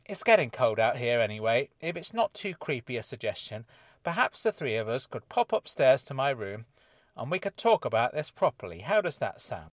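Man playing a mysterious woman, calm, guarded, measured, lively pitch, dry close sound, audiobook. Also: no room sound, natural voice. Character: mysterious woman claiming alien origin. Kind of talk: audiobook character voice.

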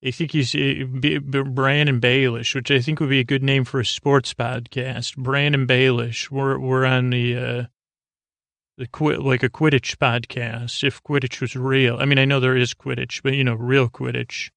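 A man hosts a casual podcast recap, retelling scenes in an offhand, meandering way full of fillers and false starts. His voice is gravelly and flat, with little rise and fall. The sound is dry and close. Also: medium pitch, moderate pace, no room sound. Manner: rambling, hesitant, many fillers and restarts; paraphrases dialogue in a flat offhand way. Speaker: podcast host.

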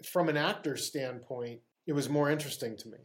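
A man's voice: mid-range voice, brisk. A middle-aged man from Pittsburgh, a guest actor on a podcast, telling anecdotes in a casual style, acting out dialogue and laughing often. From Pittsburgh, USA. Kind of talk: casual storytelling interview.

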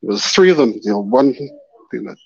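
A man's voice: lowish voice, a little fast, vocal fry. Man telling a story over a dull line. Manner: animated, acts out the voices in his story. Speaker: caller. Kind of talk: casual storytelling. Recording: dull lo-fi call-in audio.

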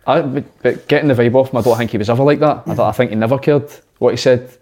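A Scottish man, a former footballer, telling stories in casual podcast chat, animated and laughing between put-on quotes. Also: mid-range voice, rapid-fire.

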